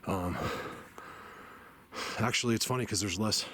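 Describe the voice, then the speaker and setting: A man's voice: lowish voice, a little slow, a bit bright, slightly rough. A man filming himself hiking through mountain woods, chatting casually to viewers and sometimes out of breath. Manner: chatty, addresses viewers as "you guys". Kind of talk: casual narration while hiking. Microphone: handheld camera mic.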